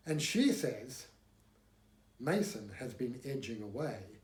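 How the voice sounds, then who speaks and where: A man reading a novel aloud in a measured, wry narrating voice, recorded at home. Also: mid-range voice, big pitch swings. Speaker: audiobook reader. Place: home room. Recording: echoey room.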